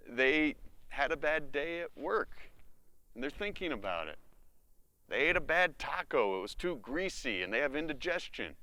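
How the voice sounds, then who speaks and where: American man, pastor, sermon, slow delivery, bright tone, lively pitch. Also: no room sound. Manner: expressive preaching with acted-out inner voices.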